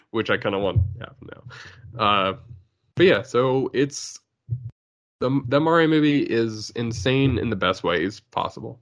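A man co-hosting a casual podcast chat, excitable and laughing often, breaking into goofy voices. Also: medium pitch, unhurried. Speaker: podcast co-host.

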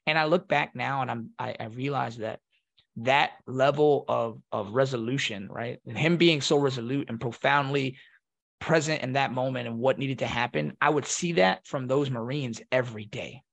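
A man, a Marine veteran guest, telling a personal story in a reflective, halting way with many restarts. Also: mid-range voice, gravelly, fairly bright tone. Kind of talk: emotional storytelling.

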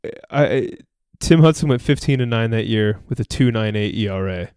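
Stat-quoting man with a low, mellow voice. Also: moderate pace, smooth, dry recording, clean studio sound. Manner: rattles off statistics eagerly, stumbling and restarting. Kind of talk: casual sports podcast chat.

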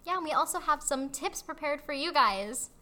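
High, bright woman with hesitant fillers. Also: lively intonation, normal speed. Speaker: podcast co-host. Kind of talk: casual chat.

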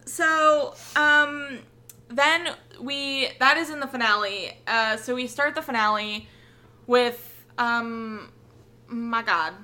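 Mujer animada de voz aguda. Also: female voice, a little high, takes it slowly. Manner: animated, heavy swearing, rambling recap. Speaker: podcast co-host. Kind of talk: casual podcast chat.

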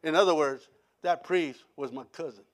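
A man preaching a sermon, telling his testimony in an animated storytelling way and quoting other people. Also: fairly high pitch, moderate pace. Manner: animated storytelling with quoted voices.

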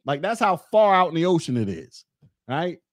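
A man's voice: on the high side, sing-song, moderate pace, dry recording, clean studio sound. A man hosting a podcast, talking in a blunt, rambling way straight to his listeners. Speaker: podcast host. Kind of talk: casual monologue podcast.

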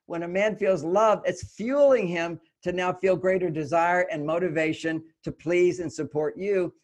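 Higher-voiced older man explaining earnestly. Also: steady tone, normal speed, few pauses. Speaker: relationship author, guest. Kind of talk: conversational interview.

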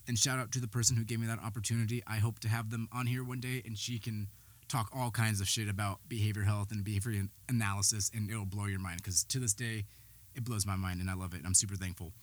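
A man hosting a podcast, telling his personal story in a candid, rambling way, swearing freely and sounding slightly out of breath. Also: on the low side. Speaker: podcast host; behavioral health worker.

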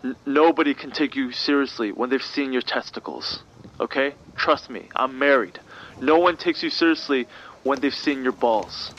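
A man's voice: mid-range voice, normal speed, fairly bright tone, dull audio, close to an everyday voice. An actor playing an exasperated, profane former police officer who stammers as he talks. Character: exasperated, profane male ex-cop friend.

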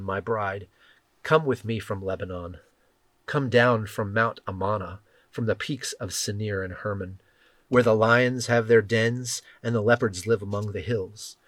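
A man reading scripture aloud and leading a prayer in a measured, solemn way, letting phrases fall softly at their ends. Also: on the low side, dry recording. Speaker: scripture reader. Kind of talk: devotional Bible reading and prayer.

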